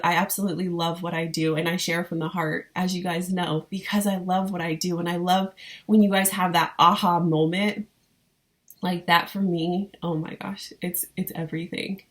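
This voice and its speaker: A woman's voice: on the low side, a bit bright. A woman in her thirties, a spiritual business coach, talking straight to her viewers in an earnest, heartfelt and encouraging way. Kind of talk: motivational vlog talk to viewers.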